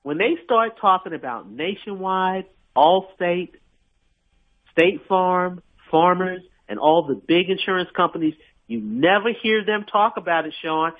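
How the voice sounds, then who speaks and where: An older woman with a lowish voice calls in to a radio show over a tinny phone line, speaking a little slowly. She talks emphatically, repeating herself for stress.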